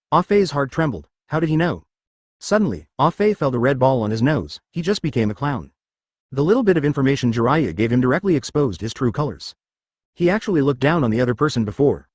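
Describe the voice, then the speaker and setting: A man's voice: medium pitch, a little mellow, husky, no echo, studio quality. A male text-to-speech voice narrating a fanfic story in a machine reading that reads out stray words.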